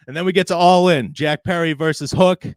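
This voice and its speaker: Podcast guy retelling wrestling drama, laughs a lot, kinda high voice, dry mic. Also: fairly quick, no echo. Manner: animated retelling, laughs often, quotes others. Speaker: podcast co-host. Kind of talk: casual wrestling commentary chat.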